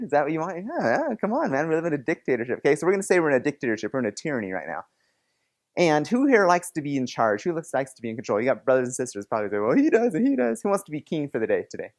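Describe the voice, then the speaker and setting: A man leading a playful object lesson for students in a classroom, coaxing and joking with volunteers. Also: medium pitch. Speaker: teacher.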